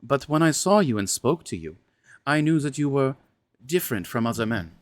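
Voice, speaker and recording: A man voicing a frank, seductive aristocratic woman, speaking in a husky, formal and measured way in a storybook reading. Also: medium pitch, animated, dry recording, pitched above the performer's own voice, lightly acted. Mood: intimate, pleading.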